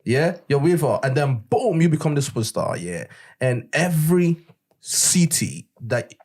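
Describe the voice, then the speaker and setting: A man's voice: a little high, animated, measured pace, darkish tone. A young man, talking emphatically in casual chat and checking that his listener follows.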